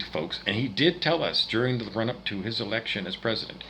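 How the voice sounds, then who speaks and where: A man's voice: on the low side, animated, normal speed, fairly bright tone, a little hiss or hum, poor audio. Profane, agitated ranting man. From Canada. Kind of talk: angry rant monologue.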